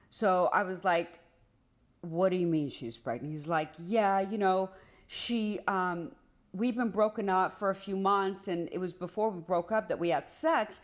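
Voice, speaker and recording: A woman telling her own relationship story in a casual storytime, acting out the quoted lines. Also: lowish voice. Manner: animated, acts out quoted dialogue.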